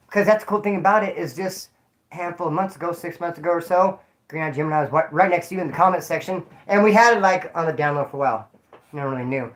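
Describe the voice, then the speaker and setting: A man from California hosting his own channel, chatting casually in rambling street slang with loud shout-outs to viewers. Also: high voice. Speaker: YouTube channel host. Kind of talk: casual livestream chat.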